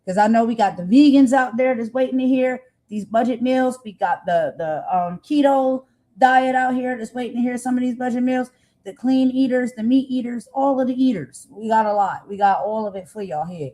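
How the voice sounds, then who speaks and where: A woman's voice: on the high side, moderate pace, dark tone. A woman hosting a live cooking stream in a casual, chatty way, reading viewer comments aloud and rambling with filler phrases. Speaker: cooking channel host.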